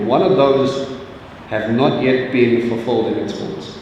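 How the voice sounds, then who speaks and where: A man's voice: medium pitch, normal speed, darkish tone, highs cut off, slight background noise. Echoey, distant man preaching conversationally. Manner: chatty, jokey, questions the audience directly. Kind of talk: informal sermon to a congregation. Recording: echoey hall, distant mic, faint ambience.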